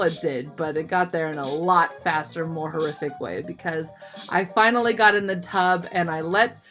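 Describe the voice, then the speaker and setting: A woman vlogger telling a childhood story in a chatty, animated way, with lots of "like" and "you know". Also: mid-range voice. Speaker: art vlogger. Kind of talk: casual storytelling.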